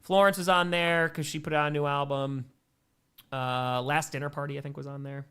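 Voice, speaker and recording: Bright-voiced man calling live football. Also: a little high, normal speed, clean tone. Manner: casual, answers viewer chat between plays, bursts of excitement on big plays. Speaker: livestream play-by-play commentator. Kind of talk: live play-by-play and chat reactions.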